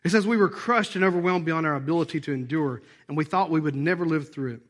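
A man preaching a sermon in church, animated and hoarse, with a worn-out voice. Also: on the high side, fast. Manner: animated, acts out voices and asides. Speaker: pastor.

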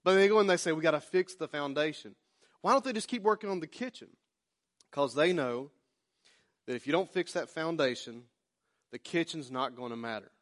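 A pastor in his forties with a drawl delivers a sermon like a casual chat, slipping into little acted-out asides. His voice sits a touch high for a man. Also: animated, moderate pace, long pauses. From Oklahoma. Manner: folksy, conversational preaching with acted-out asides.

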